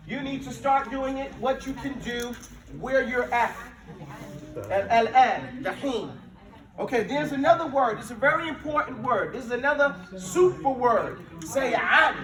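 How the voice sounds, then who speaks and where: A man teaching an Arabic class, drilling his students in call-and-response and mixing Arabic with English as he explains words with lively emphasis. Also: extremely high pitch, moderate pace. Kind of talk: classroom language lesson. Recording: echoey room, mic at a distance.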